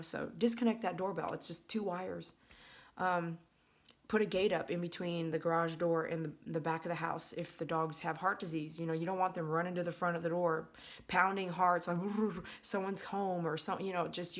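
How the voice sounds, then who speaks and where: A woman, vlogging from her bedroom in a chatty, rambling way, full of fillers and restarts. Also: fairly low pitch. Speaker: dog groomer and channel host. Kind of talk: casual vlog storytelling. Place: bedroom at home.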